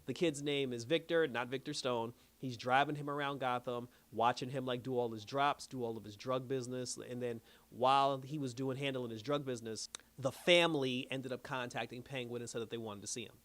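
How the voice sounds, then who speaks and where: A man's voice: medium pitch, steady tone, fairly quick, hardly any pauses, a bit bright. A man giving a casual, slangy recap of a TV episode, telling the story loosely with lots of fillers. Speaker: show reviewer.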